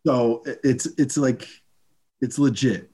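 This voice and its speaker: A man co-hosting a podcast in casual chat, halting and restarting his sentences. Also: mid-range voice, steady tone, dark tone, slight background noise. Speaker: podcast co-host.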